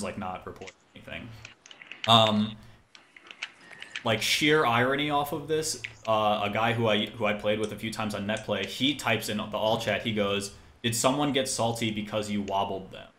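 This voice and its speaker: A man's voice: on the low side, sharp tone. A man casually telling a story, rambling with constant fillers and quoting people in an exasperated tone. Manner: quotes other people's lines in an exasperated tone. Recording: roomy echo, faint background noise.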